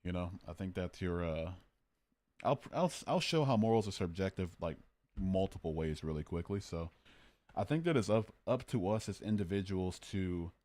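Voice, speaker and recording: A man's voice: low-pitched, normal speed, a little mellow, dry recording. A man hosting a casual livestream, arguing about morality and joking as he reads out his chat. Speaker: livestream host.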